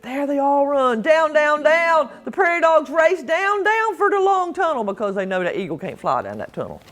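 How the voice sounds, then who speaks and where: A woman reading a picture book aloud to children at a library story time, expressive and playful. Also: high voice, normal speed. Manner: expressive and playful, leading call-and-response.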